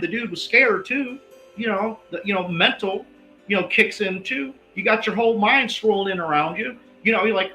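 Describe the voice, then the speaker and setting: A man's voice: sits high, bright, forceful tone. Fired-up man in an echoey room. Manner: emphatic, keeps tagging "all right". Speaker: investigative guest. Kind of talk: heated interview talk. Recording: echoey room with faint music.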